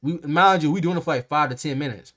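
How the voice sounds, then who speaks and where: A young man casually telling a workplace story to camera, animated and slangy, acting out the people in it. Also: on the high side, fast talker. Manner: animated, slangy and profane, acts out quotes.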